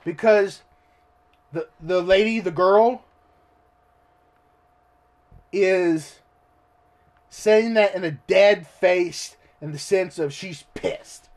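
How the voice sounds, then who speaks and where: A man reading a story aloud and ranting about it in excitable, profane commentary. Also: sits high, extremely slow, pauses often. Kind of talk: ranting read-along commentary.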